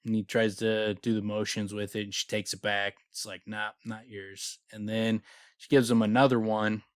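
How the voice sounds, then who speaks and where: A low-voiced man co-hosting a casual book podcast, talking in an animated, sarcastic way and swearing freely. The recording sounds dry and close, with no room echo. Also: moderate pace, clear, resonant tone. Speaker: podcast co-host. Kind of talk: casual book discussion chat.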